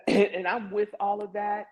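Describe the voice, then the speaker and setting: Her mid-range voice is flat and a little mellow, and she takes her time as she guides an online support group by video call. She talks earnestly and conversationally with lots of "like" and "you know," through dull lo-fi audio.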